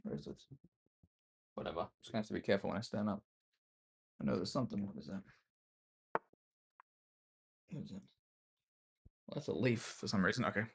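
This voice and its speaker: Gravelly-voiced Australian chess streamer. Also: male voice, fairly low pitch, lively intonation, fast talker, long pauses. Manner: mumbling, self-deprecating, chatting to viewers between moves. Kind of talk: casual live-stream commentary while playing chess.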